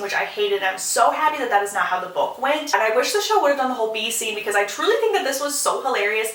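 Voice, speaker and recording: A woman recaps a novel's plot in a chatty, opinionated way. Her voice is bright and a little high. The sound is roomy and echoey, recorded at a distance from the microphone. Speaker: book vlogger. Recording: echoey room, off-mic.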